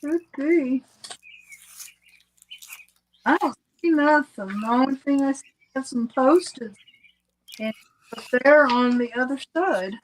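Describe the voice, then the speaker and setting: A woman joins a crafting livestream as a guest and talks in a relaxed, plain-spoken way. Her voice is high. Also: slow pace, long pauses, a little hiss or hum, rough recording. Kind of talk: casual crafting chat.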